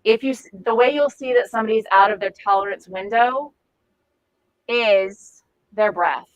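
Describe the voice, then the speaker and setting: A woman's voice: a little high, moderate pace, low-quality recording. A woman giving a live training talk to a group in a room, conversational and often searching for words mid-sentence. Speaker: de-escalation trainer.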